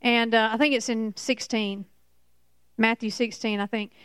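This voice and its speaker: Slow, smooth-voiced woman preaching. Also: fairly high pitch, fairly even intonation, a bit bright, no room sound. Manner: slow, deliberate, emphatic, repeats key points. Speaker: Bible teacher. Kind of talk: sermon.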